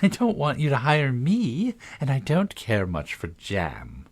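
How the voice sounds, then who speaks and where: A man's voice: medium pitch, huge pitch swings, unhurried, voice pushed up. A man voicing a curious, polite young girl in a storybook reading, raising his voice to sound earnest and inquisitive.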